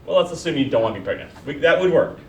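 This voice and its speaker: A male instructor lectures in a relaxed, conversational way, tossing quick questions at his students. The recording is roomy and distant, picked up from across the classroom with a faint hiss behind him. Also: on the high side. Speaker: college biology instructor. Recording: echoey classroom recorded from afar.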